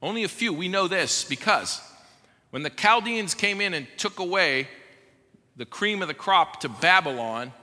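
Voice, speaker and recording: A man's voice: high voice, bright, forceful tone. A man preaching a sermon as pastor, pleading with his congregation with urgent repetitions. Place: church service before a congregation. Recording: long hall reverb.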